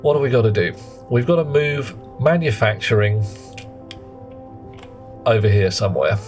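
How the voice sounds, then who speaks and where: Over faint music, a British streamer with a lowish, slightly mellow voice talks animatedly at a moderate pace. He comments live on his game, greeting chat playfully and musing aloud as he goes.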